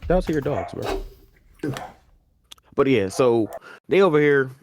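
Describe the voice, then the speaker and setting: A man co-hosting a casual podcast, recapping an anime plot in loose slang. He acts out each character's lines as he goes, shifting his delivery, and his voice sits at an ordinary pitch. The sound is close and dry, with little room echo. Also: animated, unhurried. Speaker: podcast co-host.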